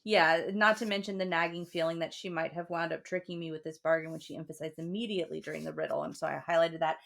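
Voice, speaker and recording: A woman co-hosting a book podcast, chatting casually with many fillers and quick laughs. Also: low voice, fairly even intonation, vocal fry, fairly bright tone. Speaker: podcast co-host. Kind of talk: casual book-club chat.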